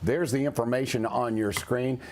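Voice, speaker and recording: A man with a Kentucky accent hosting a live TV show, giving brisk promotional wrap-ups. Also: medium pitch, fairly even intonation, a little mellow, slight background noise. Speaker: TV show host.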